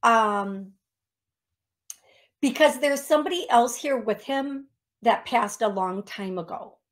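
A woman's voice: fairly high pitch, slow. A woman hosting a radio call-in show as a psychic medium, talking in a chatty way with many restarts and ums.

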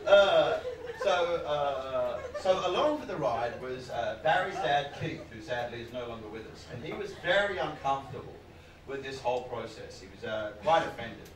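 A male comedian telling a story live on stage, with an animated, punchy delivery and sudden loud outbursts. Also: mid-range voice, moderate pace, crowd noise. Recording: echoey, distant, noisy room mic.

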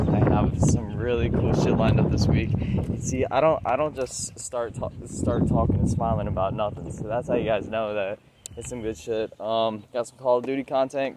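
A breathless man rants through a profane, rambling vlog while walking outdoors. His voice sits at an ordinary middle pitch, and loud wind noise batters the mic. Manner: profane, rambling rant with many fillers. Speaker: vlogger. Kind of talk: casual ranting vlog.

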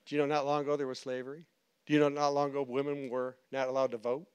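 A male pastor preaching a sermon, telling stories with animated quoted voices and frequent laughter. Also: mid-range voice, fast talker, clean tone. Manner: animated storytelling, acts out quotes, laughs often. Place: church.

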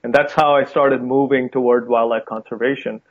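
A young Indian-accented man speaks as an interview guest, friendly and eager, with filler words along the way. His voice comes through a thin, phone-like video call line, pitched in an ordinary middle range. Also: steady tone, normal speed. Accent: Indian, softened by time in the U.S. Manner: friendly, enthusiastic, with fillers and light laughs. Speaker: wildlife conservationist guest. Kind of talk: casual interview talk. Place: home room with a guitar behind him.

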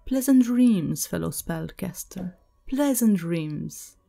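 A woman voicing an eerily calm, distracted woman on a phone line, speaking with a subtle lisp in a horror story. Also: fairly low pitch, slow, creaky, soft background music, full character voice. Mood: soft, eerie.

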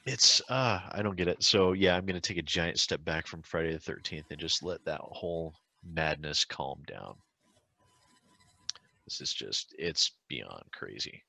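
A man's voice: very deep voice, animated, measured pace, vocal fry, pushed and bright, no echo. A man chatting casually and wryly before a tabletop game. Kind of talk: casual chat.

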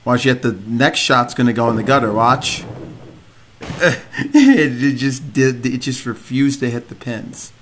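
A man's voice: medium pitch, steady tone, a little slow, fairly bright tone. A young man commenting on his own gameplay, frustrated and self-mocking. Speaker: gamer. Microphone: desk mic. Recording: noisy home mic with clicks.

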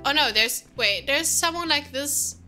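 A chatty woman gives let's-play commentary with frequent laughs in a bright, fairly high voice. Faint game music plays in the background. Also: lively intonation, measured pace. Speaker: gaming video host.

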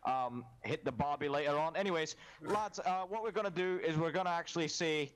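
A man's voice: on the high side, fairly quick, fairly bright tone, clean tone, pitched above the performer's own voice, natural voice, rough recording. A man voicing a brash mock-Australian safari host in gaming commentary, with a put-on Australian accent and hammy tour-guide patter.

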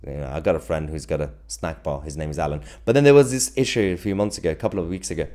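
A man's voice: extremely low pitch, very fast, dark tone. A man hosting a political live stream, chatting casually and jokily as he reads viewer comments, with frequent chuckles and rambling asides. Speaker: political livestream host.

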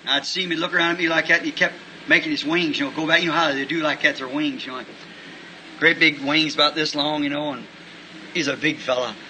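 Folksy preacher, high bright voice. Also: male voice, quick pace, slight background noise, rough recording. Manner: folksy, animated, bursts into shouting. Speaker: pastor. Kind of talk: sermon with storytelling.

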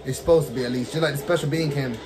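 A man casually commentating his own fighting game match, excitable, talking to the characters on screen and laughing often. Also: mid-range voice, rapid-fire. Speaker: gaming streamer.

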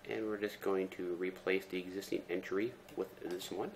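A man with a very low voice walks through a screen-recorded tech tutorial at an easy pace, explaining each step as he goes with plenty of ums and uhs. Faint noise and keyboard typing sit behind him. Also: moderate pace. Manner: relaxed step-by-step explaining with fillers. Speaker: tutorial presenter.

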